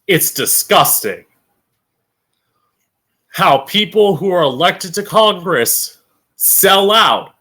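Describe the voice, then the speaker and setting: Pitched high, animated, pushed and bright, the host's voice drives a blunt, sarcastic, foul-mouthed political tirade on his stream. He emphasizes by dragging out key words.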